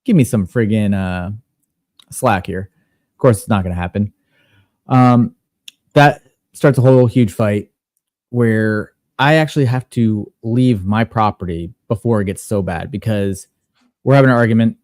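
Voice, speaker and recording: A man's voice: fairly low pitch, measured pace, pauses often, a little mellow, dry recording. Dry, profane male storyteller. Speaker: podcast panelist. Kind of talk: casual storytelling.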